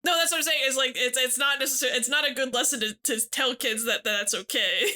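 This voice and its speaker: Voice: sits high, fast talker, pushed and bright, faint music behind. A podcast co-host chatting casually and reacting with amused interjections. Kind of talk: casual chat.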